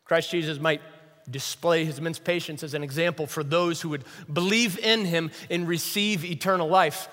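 A man's voice: sits high, normal speed, fairly bright tone, long reverb tail. A man preaching a sermon as a pastor, conversational and self-deprecating, often asking the audience questions. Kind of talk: sermon with humor.

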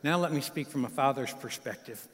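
Moderate in pace and somewhat high in pitch, this man in his fifties is a guest pastor whose sermon includes a folksy story told warmly, with asides to the people listening. The recording is live, with the hall reverb of a large church sanctuary.

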